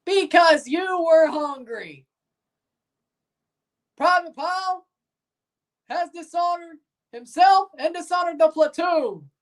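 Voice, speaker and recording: Harsh drill sergeant, mocking and barking, pitched way up, a bit off-mic; a woman acting it out. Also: slow pace, pauses often, distant mic. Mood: scornful. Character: bellowing male military drill sergeant, harsh.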